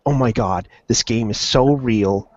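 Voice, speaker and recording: A man's voice: medium pitch, measured pace, dull audio, close to an everyday voice. A man putting on a mocking, melodramatic voice of an overwrought woman game reviewer. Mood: mock-horrified. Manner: gasping, melodramatic parody.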